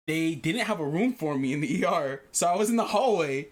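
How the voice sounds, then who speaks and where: Animated swearing man telling a story. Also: a little high, a little fast. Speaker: podcast host. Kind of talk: casual podcast chat.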